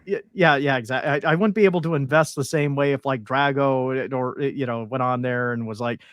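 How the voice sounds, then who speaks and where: A man hosting a casual podcast chat, telling stories in an animated way and calling his guest brother. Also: medium pitch, a little fast, clear, resonant tone, no room sound, clean studio sound. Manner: animated storyteller who acts out voices, calls people brother. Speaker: podcast host.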